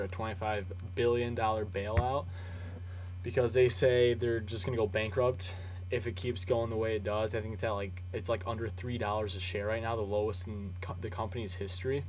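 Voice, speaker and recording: A young man runs through the day's stories on his home vlog in a chatty, joking way. His voice sits mid-range and jumps between loud rants and low asides. A faint mains hum sits under the recording. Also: rough recording. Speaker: vlog news host. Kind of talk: casual news vlog.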